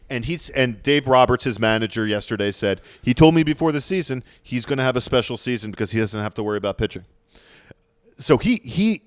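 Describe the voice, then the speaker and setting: A man's voice: medium pitch, no echo, studio quality. A man co-hosting a podcast, chatting casually about sports with frequent hesitant restarts. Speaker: podcast co-host.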